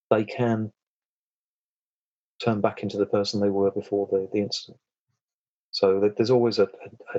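Deep husky-voiced man, podcast guest. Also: a little mellow, no room sound, dull audio. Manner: rambling, frequent restarts, chuckles. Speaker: podcast guest, self-defense and trauma coach. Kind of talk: casual interview chat.

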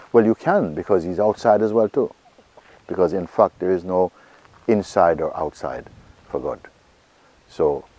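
Deep, dark-voiced man giving a spiritual talk. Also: breathy edge. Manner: asks questions and answers them himself, repeats phrases softly. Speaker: spiritual teacher.

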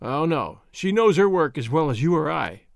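A man's voice: a little high, big pitch swings, moderate pace, vocal fry, no echo, studio quality. A man voicing a proud, injured male country doctor in a storybook, speaking feebly with groans. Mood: feeble.

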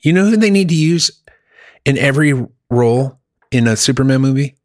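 A man's voice: medium pitch, animated, fairly quick, darkish tone, dry recording, clean studio sound. A man in casual chat, ranting about movies with heavy profanity.

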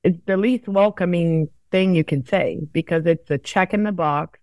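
A woman's voice: on the low side, normal speed, a little mellow, no echo. A woman consultant explaining her views as a guest in a casual interview, often repeating words and restarting sentences. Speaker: customer experience consultant guest.

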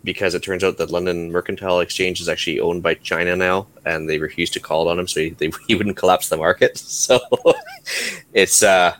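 A man's voice: low-pitched, level tone, fairly quick, a bit bright. A Canadian man co-hosting a podcast, chatting casually and joking as he rambles through the news. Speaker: podcast co-host. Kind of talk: casual chat.

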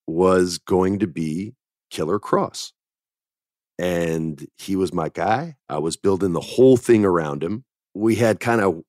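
A man with a very low voice hosts a casual podcast chat. He tells long stories in a laid-back way, throwing in dude and man. The sound is dry and close. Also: a little mellow, no echo. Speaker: podcast host.

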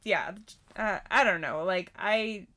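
A woman's voice: medium pitch, slow pace, pushed and bright. A woman co-hosting a movie podcast, chatty and rambling, with many fillers. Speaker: podcast co-host. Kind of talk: casual chat.

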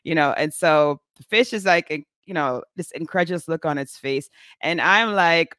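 Chatty woman in her forties, lower voice. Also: moderate pace, dry recording, clean studio sound. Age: 40s. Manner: animated, chatty, many fillers. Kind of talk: casual storytelling vlog.

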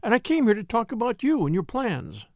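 A man reading an audiobook, voicing an excitable, chatty middle-aged wife with a gushing manner. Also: sits high, normal speed, no echo, clean studio sound, full character voice. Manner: gushing, exclamatory.

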